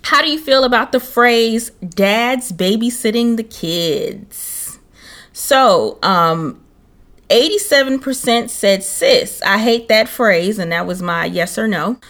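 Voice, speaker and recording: Sassy, animated young woman podcaster. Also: a little high, slow. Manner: animated storytelling, sassy asides. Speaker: podcast co-host. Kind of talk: casual chat.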